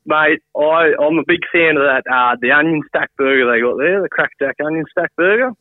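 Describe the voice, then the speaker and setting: A man's voice: a little high, brisk, no echo. An easygoing man from Queensland with an Australian accent, chatting as a caller on a podcast. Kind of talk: casual phone chat. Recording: tinny phone line, dry.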